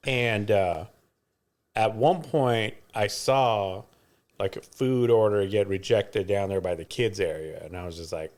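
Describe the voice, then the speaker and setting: A man's voice: lowish voice, a little slow, darkish tone. A middle-aged man co-hosting a podcast, telling stories in a casual chat and laughing often. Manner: storytelling, laughs often, chatty. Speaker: podcast co-host.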